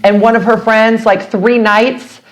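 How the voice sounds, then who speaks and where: A woman guest in casual podcast chat, telling an anecdote with lively acted-out quotes. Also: measured pace. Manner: animated storyteller, acts out quotes with big pitch jumps.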